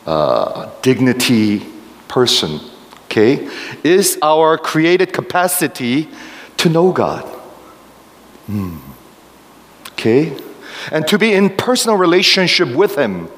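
A man preaching a sermon as pastor, emphatic and firing questions at the congregation. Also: medium pitch. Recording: long hall reverb.

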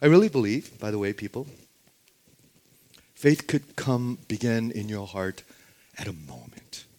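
Man, preacher, Bible sermon, rhetorical questions, frequent check-ins with listeners. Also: fairly low pitch.

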